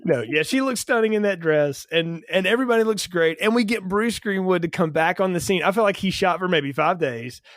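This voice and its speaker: Give me an animated man with a high voice, riffing casually on a film review podcast. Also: brisk, hardly any pauses, dry recording, clean studio sound. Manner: animated, laughs often, tells anecdotes. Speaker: podcast co-host.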